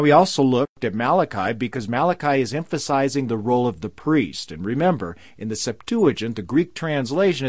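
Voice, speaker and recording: Male preacher, sermon, animated pitch, dry close sound, slows for emphasis. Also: no room sound. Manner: slows down and rises in pitch for emphasis on scripture quotes.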